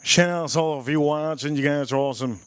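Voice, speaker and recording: A man's voice: a little high, quick pace, slight background noise. A man hosting a casual live stream, tasting whiskey and joking with his chat in a playful, repetitive way. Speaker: livestream host reviewing whiskey.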